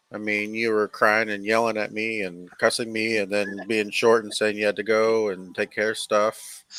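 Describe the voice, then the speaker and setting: A man calmly recounting events in a matter-of-fact way during a casual panel chat. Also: fairly low pitch, no echo, low-quality recording.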